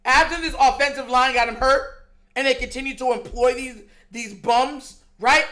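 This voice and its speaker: A high, bright voice carries this sports talk show host through an exasperated rant. The delivery is animated and slangy, mocking the other side and breaking into laughter between points. The voice stays sharp and forceful throughout. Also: moderate pace.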